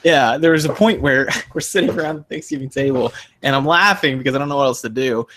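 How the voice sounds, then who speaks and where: Young man, podcast co-host, casual chat, animated storytelling, acts out quotes. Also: medium pitch, quick pace, a little hiss or hum.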